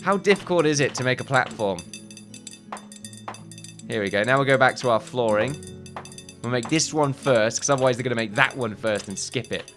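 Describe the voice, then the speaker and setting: A man giving casual gameplay commentary, thinking aloud in a muttering way with sudden loud outbursts. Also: medium pitch, expressive, moderate pace, pauses often, soft background music. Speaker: gaming video host.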